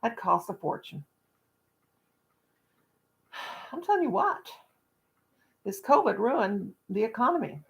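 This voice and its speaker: A woman's voice: fairly high pitch, big pitch swings, slow, long pauses. A woman hosting a casual live stream from her home in the country, rambling and joking in a folksy way.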